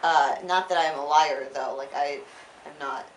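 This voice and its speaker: A woman's voice: low-pitched, steady tone, unhurried, a little hiss or hum, pitched below the performer's own voice. A woman acting out a sly, slangy male schemer who plots in an offhand, casual way. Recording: roomy sound from a distant mic.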